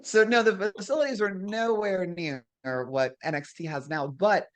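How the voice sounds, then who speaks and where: A hoarse middle-aged woman, a guest and former wrestler, telling animated stories and acting out the people she quotes. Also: fairly low pitch, normal speed. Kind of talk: casual storytelling.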